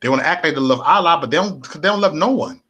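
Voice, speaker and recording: A man's voice: a little high, expressive, fast talker, pushed and bright, breathy edge. A man hosting a casual political livestream, speaking in a repetitive, preachy, rallying way and answering viewers' comments.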